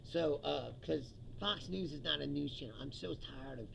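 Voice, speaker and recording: A man's voice: fairly high pitch, moderate pace, gravelly, background noise. A man from the United States hosting his own comedy show, ranting angrily and profanely about the news and laughing often.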